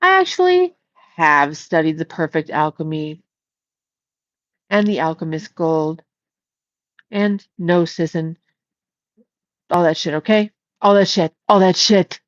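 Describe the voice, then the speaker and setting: A woman's voice: fairly low pitch, animated, takes it slowly, pauses often, no room sound. A woman hosting a casual livestream, reading chat aloud and scolding a viewer in a blunt way, swearing freely. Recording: slightly dull lo-fi audio.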